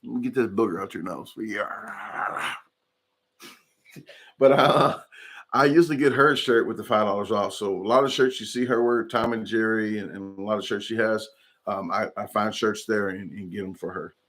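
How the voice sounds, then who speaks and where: A man's voice: lowish voice, moderate pace, fairly bright tone. Rambling man chatting on a livestream. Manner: rambling, chatty, reads chat comments aloud. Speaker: livestream host. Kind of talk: casual livestream chat.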